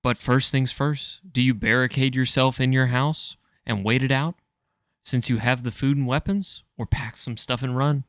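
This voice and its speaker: A man's voice: medium pitch, steady tone, moderate pace, no echo, studio quality. A man co-hosting a podcast, reading a choose-your-own-adventure story aloud and stumbling over words with amusement.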